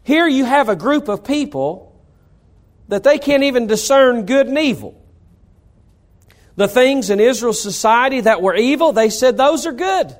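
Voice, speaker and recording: A middle-aged man from North Carolina, a pastor preaching a sermon with rising emphasis. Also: extremely high pitch.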